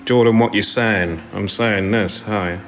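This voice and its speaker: A man's voice: fairly low pitch, fairly even intonation, measured pace, a bit bright, soft background music. A man chatting casually on a live stream from home, rambling and self-deprecating as he answers viewers' comments into his phone. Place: indoors at home.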